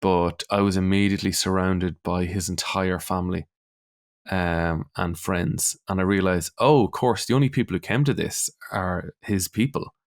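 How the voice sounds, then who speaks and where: A middle-aged Irish man, a comedian, telling a story in casual chat, animated and sweary, acting out the people in it. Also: deep voice, moderate pace. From Ireland. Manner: animated, swearing, acts out voices in anecdotes. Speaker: comedian guest.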